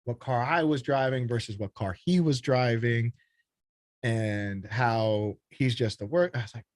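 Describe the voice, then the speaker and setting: A man's voice: medium pitch, measured pace, a little mellow. A man from Texas, a company founder, talking bluntly and freely in a casual podcast conversation, swearing often. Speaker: guest, startup founder.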